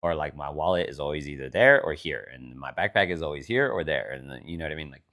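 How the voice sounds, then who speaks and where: A man's voice: a bass voice, fast talker, pushed and bright. A young man co-hosting a podcast in casual chat, blunt and teasing and swearing freely. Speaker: podcast co-host.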